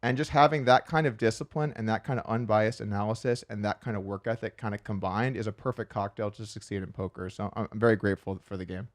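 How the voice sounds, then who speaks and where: A man being interviewed on a podcast, telling stories about his life in a quick, chatty way with frequent restarts, sometimes acting out the voices of people in his stories. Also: fairly low pitch, dry recording, clean studio sound. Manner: acts out quoted voices in his anecdotes. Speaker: podcast guest, professional poker player. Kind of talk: casual storytelling interview.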